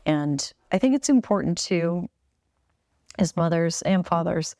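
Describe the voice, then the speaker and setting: A woman's voice: lowish voice, animated, unhurried, darkish tone, no room sound, clean studio sound. A woman hosting a podcast interview, asking reflective questions drawn from her own experience. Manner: reflective, shares personal experience. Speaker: podcast host.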